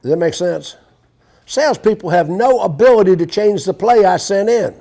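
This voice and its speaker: A man's voice: sits high, lively intonation, normal speed, warm tone. A man teaching a live sales seminar to an audience, brash and profane as he tells stories. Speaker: sales trainer.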